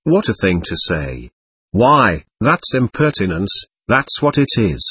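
A man reading a storybook, voicing an excitable, teasing young invalid woman with quick, playful talk. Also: lowish voice, slightly rough, no room sound, heavily acted.

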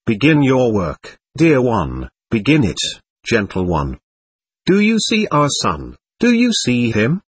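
A man reading the part of a gentle, joyful old male monk elder, speaking softly and tenderly. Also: medium pitch, huge pitch swings, slow pace, breathy edge, dry recording, full character voice. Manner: soft, tender, warm-hearted speech.

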